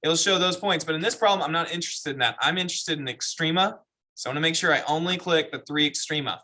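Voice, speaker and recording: A man's voice: a little high, quick pace, sharp tone. A man teaching a math class, explaining step by step and asking the students questions. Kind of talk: classroom lecture.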